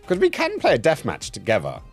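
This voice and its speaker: A man's voice: medium pitch, wildly swooping pitch, brisk, vocal fry, breathy edge, soft background music. A man with a Cockney accent hosting a casual gaming stream, cheeky and full of banter. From England. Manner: cheeky, laughing, banter-heavy. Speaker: streamer host.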